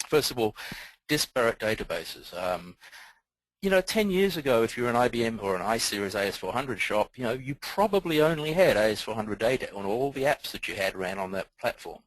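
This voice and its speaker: A man's voice: mid-range voice, very animated, brisk, no echo, poor audio. A man with a Southern Alabama accent giving a technical webinar presentation, explaining things methodically.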